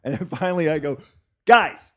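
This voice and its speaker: Animated, swearing male comedian telling a story. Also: mid-range voice, fairly quick. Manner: animated, profane, laughs often while telling a story. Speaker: comedian and podcast host. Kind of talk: casual storytelling chat.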